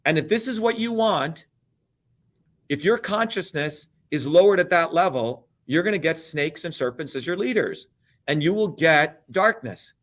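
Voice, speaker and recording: This man speaks in a fairly high voice and rants with heat and plenty of swearing. He hammers his points home as an interview guest, chanting the same line over and over. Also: lively intonation, normal speed. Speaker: political candidate guest. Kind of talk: heated profane rant.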